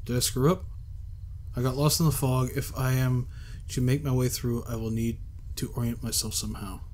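A man's voice: mid-range voice, steady tone, normal speed, darkish tone, a little hiss or hum. A man playing through a game and reading its text aloud, chatting casually and muttering, at times breaking into exasperated rants. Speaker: gaming video host.

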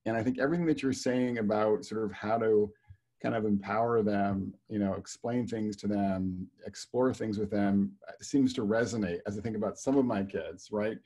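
A man with a low, slightly husky voice asks the guest a question over a video call. He is thoughtful but rambling, circling the point with lots of fillers before he lands it. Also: moderate pace, dark tone. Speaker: panelist asking questions. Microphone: video call microphone.

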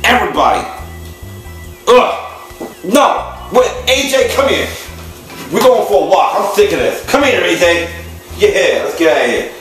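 A man's voice: sits high, animated, a little slow, long pauses, a bit bright. A man guest hosting with an indignant, slangy comedic rant. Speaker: guest host. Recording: very echoey room with music.

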